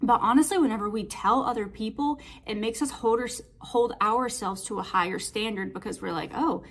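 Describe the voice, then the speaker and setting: A woman's voice: a little high, brisk, a bit bright. A woman fitness coach talking in a casual motivational monologue, chatty and storytelling with lots of filler words.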